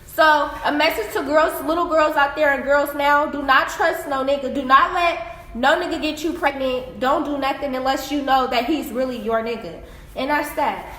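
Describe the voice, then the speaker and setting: A young woman vlogger telling her story on a phone camera in a blunt, profane, animated way. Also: high voice, moderate pace, roomy sound. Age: young adult. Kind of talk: casual storytelling vlog.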